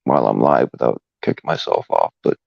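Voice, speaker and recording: A man hosting a live stream, chatting casually in a halting, laid-back way with many fillers. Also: rumbling low, expressive, vocal fry, a little mellow, no room sound, highs cut off. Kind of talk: casual chat.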